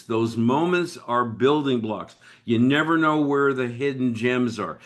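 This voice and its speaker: A man in his sixties, a business leader guest, telling a story in an interview with lively swings of voice. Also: unhurried. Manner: animated storyteller with big pitch swings.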